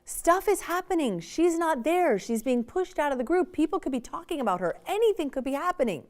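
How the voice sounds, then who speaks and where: A woman leads a parenting workshop in an animated, conversational way and speaks straight to the audience. Her fairly high voice moves through a very lively pitch range, and she acts out examples as she goes. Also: brisk.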